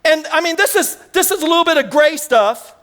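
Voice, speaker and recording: High-pitched guy preaching in church, fired up, tells stories. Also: a little fast. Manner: energetic, storytelling, fired up. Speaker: guest preacher. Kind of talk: sermon. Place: church sanctuary.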